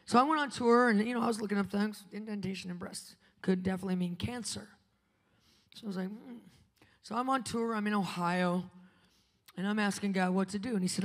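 A woman preaching a live conference sermon, telling a testimony with dramatic swings between loud and hushed delivery. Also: medium pitch, a little fast. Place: conference venue. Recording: preaching in a large reverberant hall.

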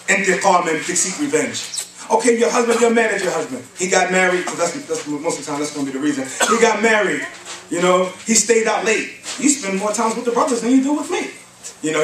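A man giving a religious lecture in a mosque, reciting Arabic verses and asking the audience rhetorical questions. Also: sits high. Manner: quotes Arabic verses and asks rhetorical questions like "huh?" and "what?". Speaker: Islamic lecturer. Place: mosque hall. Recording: echoey hall, mic at a distance, faint hiss.

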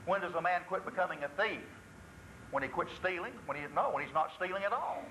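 A man's voice: high voice, lively intonation, a little fast, pushed and bright, a little hiss or hum, low-quality recording. A male pastor preaching a sermon in a church, asking rhetorical questions and acting out confessions.

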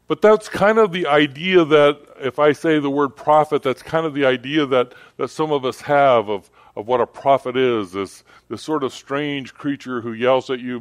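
A man's voice: medium pitch, smooth, no room sound, studio quality. A middle-aged man preaching a sermon as pastor, rambling conversationally with frequent restarts. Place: church service.

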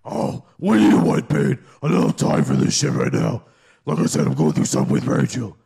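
A hotheaded caped crusader with a crushed, gravelly growl that has no clean tone left in it. He rants and pleads into a comedy voicemail, his pitch swinging up and down as he swears. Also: huge pitch swings, brisk, dark tone, heavily acted. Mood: ranting.

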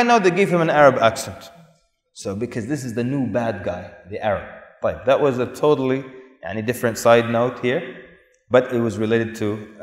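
A man giving a conversational religious lecture to an audience, asking them questions and mixing Arabic words into his English. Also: medium pitch. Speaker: Islamic speaker. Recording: echoey hall.

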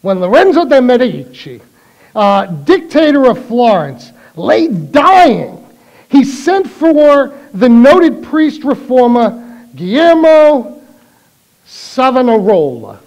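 A man from New preaches to his congregation. His voice is high and very expressive. He talks slowly and draws listeners in with questions. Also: rough recording. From New York. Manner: animated storytelling, rallying the congregation with questions. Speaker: pastor. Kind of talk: sermon.

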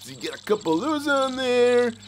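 A performer voicing an excitable, giggly male puppet who hosts a kids' game play show, laughing often and making boom and beep sounds. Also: fairly quick, slight background noise, lightly acted. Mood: giddy. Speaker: host. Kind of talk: game play commentary for kids.

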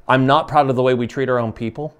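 Speaking fast in a clean, steady, medium-pitched voice, a US man in his forties hosts a conversational interview. His manner is passionate and emphatic, and he often starts his sentences over.

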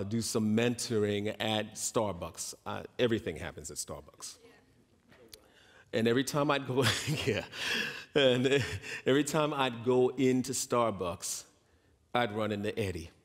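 Low-voiced preacher in a reverberant hall. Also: male voice, unhurried. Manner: storytelling, acts out quoted voices in a raised pitch. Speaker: pastor. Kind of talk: sermon.

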